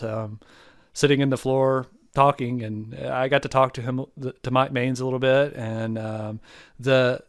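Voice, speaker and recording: A man's voice: medium pitch, dry recording, studio quality. A young man from the United States, co-hosting a podcast in casual chat, rambling through a reflective story. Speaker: podcast co-host.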